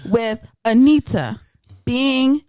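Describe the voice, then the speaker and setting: Animated woman spilling gossip on a podcast. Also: on the high side, extremely slow, background noise. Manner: animated storyteller who acts out voices. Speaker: podcast host. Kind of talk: casual podcast chat.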